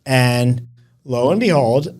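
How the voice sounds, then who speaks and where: Guy in his 30s on a podcast, jokey and teasing, normal middle pitch. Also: expressive, takes it slowly, darkish tone. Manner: joking, teasing. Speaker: podcast guest. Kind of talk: casual chat.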